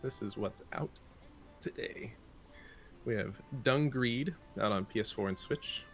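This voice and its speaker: Male co-host, gravelly low voice, brisk news read-out with joking asides. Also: faint music behind. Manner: brisk list-reading with playful asides. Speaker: morning show co-host reading game news. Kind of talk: casual morning show banter.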